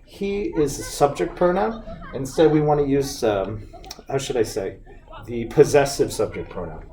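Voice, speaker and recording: A man teaching an English grammar lesson, reading example sentences slowly and explaining each correction step by step. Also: medium pitch, mellow, a little hiss or hum. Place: classroom.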